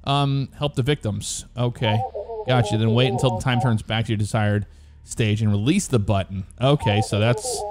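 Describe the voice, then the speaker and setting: A man's voice: fairly low pitch, moderate pace, very noisy. A man hosting a casual let's-play, commenting in a jokey way, exclaiming and reading game prompts aloud. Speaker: gaming video host.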